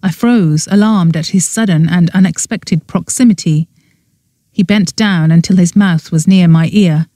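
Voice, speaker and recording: A woman narrates a first-person mystery audiobook in a brisk reading style. Her tone is dark and mellow, recorded dry and close. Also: on the low side, no echo.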